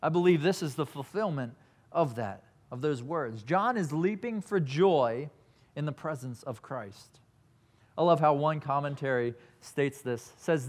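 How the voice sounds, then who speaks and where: A man's voice: on the high side, unhurried. A man preaching a sermon, telling a scripture story earnestly and reading verses aloud. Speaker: pastor.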